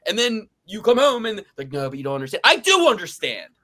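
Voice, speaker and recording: A man's voice: high-pitched, expressive, quick pace, fairly bright tone. A man from the United States co-hosting a casual sports betting podcast, ranting with mock outrage. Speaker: podcast co-host.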